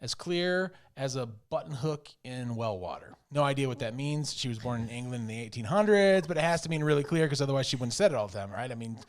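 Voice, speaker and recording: A man's voice: mid-range voice, lively intonation, fast, hardly any pauses. A man co-hosting a business podcast in casual chat, rambling and laughing often. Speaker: podcast co-host.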